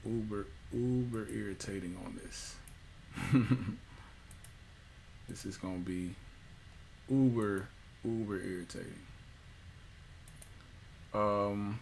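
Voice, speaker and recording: A man giving a casual music software tutorial, loose and jokey, with slang and lots of fillers. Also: sits low, slight background noise. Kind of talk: casual screen-recorded tutorial.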